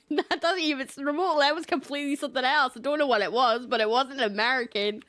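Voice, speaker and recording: High-pitched and animated, a Scottish woman rattles through chatty livestream commentary over a game at a quick pace with hardly any pauses. Her tone is a bit bright, there's no echo, and soft music plays underneath as she reads, jokes at her own expense, and laughs often.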